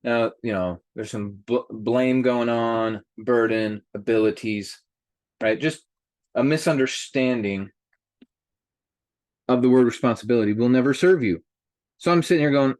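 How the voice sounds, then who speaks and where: A man hosting a group call, talking in an animated way and speaking straight to his listeners. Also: mid-range voice, a little slow, long pauses, no echo, studio quality. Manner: animated, addresses listeners directly. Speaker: host. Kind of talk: motivational group call talk.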